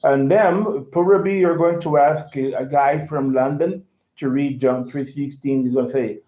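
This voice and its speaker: A man teaches English in a relaxed online session, his medium-pitched voice steady and moderately paced. He repeats words so his student can hear the pronunciation and checks they understand; the sound is roomy, dull and lo-fi.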